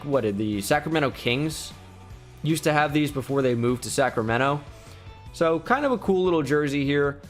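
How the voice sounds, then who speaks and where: Laid-back young man rating uniforms. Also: mid-range voice. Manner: relaxed, opinionated, many fillers. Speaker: gaming YouTuber. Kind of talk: casual video commentary. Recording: faint music behind.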